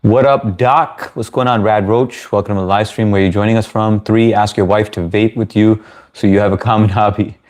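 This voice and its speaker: A man in his thirties with a deep, low-pitched voice hosts a casual livestream. He answers chat questions in a loose, friendly, rambling way, often restarting his sentences. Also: level tone, brisk, a little mellow. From United States. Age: 30s. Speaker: livestream host.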